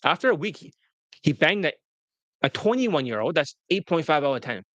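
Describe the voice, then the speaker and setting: A man with a somewhat high voice tells crude dating stories in a blunt, rambling way. He swears often and restarts his sentences. The sound is dry and close, with no room echo. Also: sing-song, a little fast, a bit bright. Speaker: dating coach. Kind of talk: casual storytelling to an interviewer.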